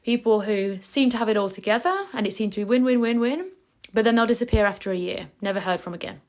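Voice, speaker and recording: A woman's voice: a little high, fast talker. A woman hosting a motivational podcast as a business coach, talking emphatically and energetically with casual swearing.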